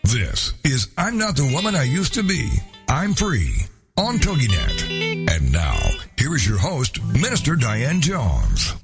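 A man announces the show with a sweeping delivery, his pitch rising and falling widely. Guitar music plays clearly behind him. He reads a dramatic scripted intro. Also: wildly swooping pitch, a little slow.

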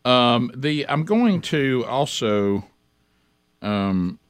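A man's voice: medium pitch, lively intonation, drawn-out words, smooth, no echo, studio quality. A man hosting a radio talk show, chatting casually with co-hosts and often stammering through restarts. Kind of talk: casual studio banter.

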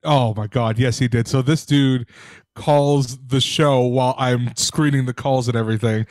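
Animated male co-host, storytelling in casual chat, mid voice, dry studio sound. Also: medium pitch, moderate pace, no echo. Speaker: podcast co-host, radio call screener.

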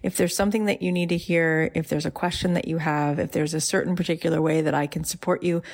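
Low creaky-voiced woman host giving a pep talk, earnest and encouraging. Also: darkish tone. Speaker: podcast host. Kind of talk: motivational podcast talk.

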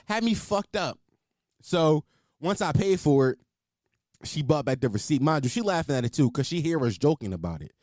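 A man in his twenties telling a story casually, animated and full of profanity. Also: fairly high pitch, normal speed, no room sound, studio quality. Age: 20s. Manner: profane, animated, exaggerated outrage.

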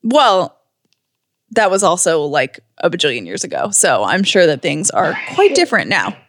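A woman co-hosting a casual chat, quick to laugh and chiming in with reactions. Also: fairly low pitch, wildly swooping pitch, a bit bright, a little hiss or hum. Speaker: podcast co-host.

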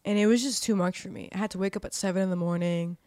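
A young woman in her twenties tells her story as a podcast guest. She swears freely, fills her talk with "like" and acts out the dialogue she quotes. She sits at a middling pitch in a dry, close sound. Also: steady tone, very fast, dark tone, no echo. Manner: profane, heavy use of "like". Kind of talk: casual storytelling.

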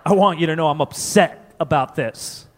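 A man's voice: on the high side, moderate pace. A man from Connecticut doing a loose, self-mocking stand-up comedy set, slipping into voices. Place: comedy club stage. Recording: live in a reverberant club.

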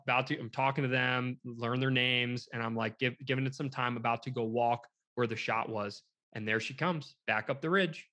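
A young man telling a story in casual conversation, lively and quoting people as he goes, with lots of filler words. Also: mid-range voice. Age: young adult.

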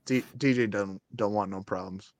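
A man's voice: on the low side, steady tone, normal speed. A man co-hosting a podcast, chatting casually in a laid-back way with stumbling restarts. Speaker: podcast co-host. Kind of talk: casual sports chat.

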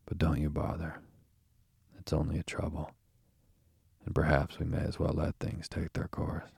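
A man's voice: very deep voice, completely flat delivery, moderate pace, vocal fry, darkish tone, husky, no echo, studio quality, exaggerated voice. A man reading the part of a self-pitying toad who murmurs weakly from his sickbed. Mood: feeble. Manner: languid, murmuring, weak.

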